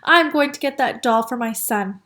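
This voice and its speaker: A woman's voice: fairly high pitch, moderate pace, pushed and bright. A woman voicing a pleased male shopper in a storybook read-aloud. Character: adult man shopper admiring a doll.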